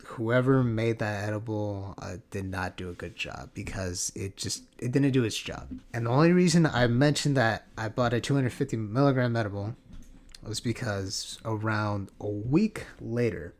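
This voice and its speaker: A man's voice: on the low side, moderate pace. Casual young man telling a profane story. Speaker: vlogger.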